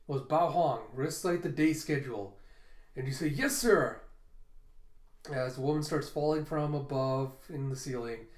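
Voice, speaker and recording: A man's voice: mid-range voice, moderate pace, a little mellow, roomy sound. A man casually reading a manga chapter aloud and reacting to it, giving the characters' lines light inflections.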